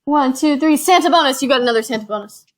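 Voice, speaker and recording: A woman's voice: high voice, quick pace, a little hiss or hum. A woman hosting a casual board game play-through, reading cards and counting spaces aloud with chatty asides. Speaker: host.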